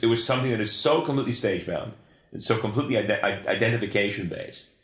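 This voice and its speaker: A man in an interview, telling a long story in an animated, profane way, full of restarts. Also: deep voice. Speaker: guest, comics creator. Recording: echoey room.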